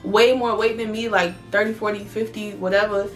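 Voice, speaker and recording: A young woman vlogger, telling her story in a blunt, profane, animated way. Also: medium pitch, brisk, faint music behind. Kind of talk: casual storytelling vlog.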